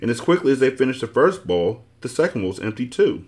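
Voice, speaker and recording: A man hosting a book podcast, narrating a children's book in an expressive reading voice. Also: medium pitch, brisk. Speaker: podcast host reading aloud. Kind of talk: storybook narration.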